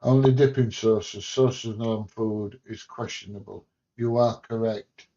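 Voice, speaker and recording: A man from England hosts a livestream at home, talking bluntly and casually through viewer comments, joking and swearing a bit. He speaks slowly in a lowish, warm, steady voice, with a little hiss or hum in the dull, lo-fi stream audio.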